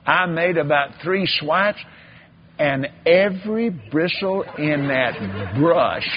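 A man's voice: high-pitched, noisy background. A man preaching a folksy sermon, telling a story and drifting into repetitive, drawling preacherly emphasis. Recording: dull lo-fi sermon recording.

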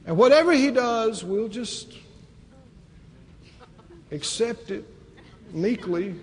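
A man from the American South with a Southern accent, preaching a lively sermon with rhetorical questions and acted-out voices. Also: high voice, slow pace, long reverb tail.

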